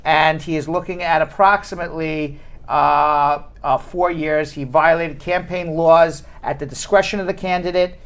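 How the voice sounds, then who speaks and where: A man hosting a live talk show, telling stories in an animated, chatty way with quick asides. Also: fairly high pitch, clean tone. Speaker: host. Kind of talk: casual talk show banter.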